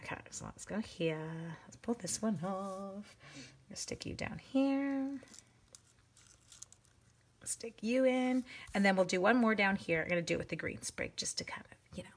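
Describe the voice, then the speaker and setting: A woman's voice: lowish voice, fairly quick, creaky, few pauses. A woman hosting a live-streamed stamping craft demo, chatting with viewers and greeting them by name as she works. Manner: chatty, greets viewers while working, animated exclamations. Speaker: craft demonstrator. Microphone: phone.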